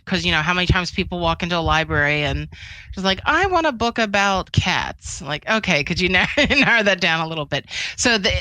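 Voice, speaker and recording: A woman speaks in an interview about her work in security, chatty and full of fillers, often backing up to rephrase. Her voice is bright and a little sharp. The recording is dry and close, with no room around it. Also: mid-range voice, no room sound, poor audio. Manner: chatty, frequent fillers and restarts, laughs between points. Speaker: cybersecurity expert guest. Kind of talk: casual interview storytelling.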